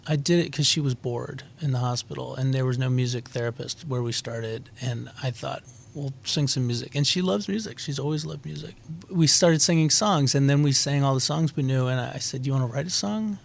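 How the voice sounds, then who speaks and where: A man in his forties talks through his family story with candor and some reflection, his voice a little gravelly. His pitch sits at an everyday middle level for a man. The setting is a relaxed conversational interview. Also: fairly quick, few pauses. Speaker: guest musician.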